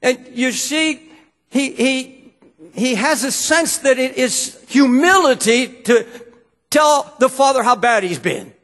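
Fervent male preacher, very high pitch, long hall reverb. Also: expressive, slow, a bit bright. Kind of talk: sermon.

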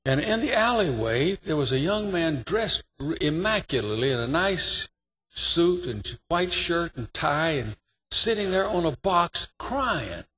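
A man preaching a sermon, telling a personal story with animated delivery that rises to fervent emphasis. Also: a little high, a little slow. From New York.

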